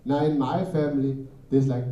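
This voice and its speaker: A young man from Africa's Cape Flats doing an animated stand-up set, telling stories and tagging lines with 'right?'. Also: mid-range voice, moderate pace, dull audio. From Cape Flats, South Africa. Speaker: stand-up comedian. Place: live comedy venue. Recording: echoey club, voice from far off.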